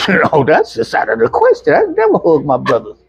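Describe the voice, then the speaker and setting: A middle-aged man, an interview guest telling personal stories in a casual, animated way and acting out other people's voices. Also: on the high side, fairly quick, vocal fry, slightly rough. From Arkansas, USA. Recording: dull, muffled lo-fi sound.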